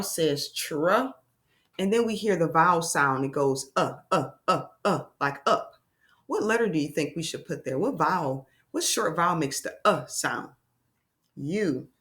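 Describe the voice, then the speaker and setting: A woman's voice: on the low side, a bit bright. A woman teaching a children's phonics lesson, sounding out words and asking encouraging questions.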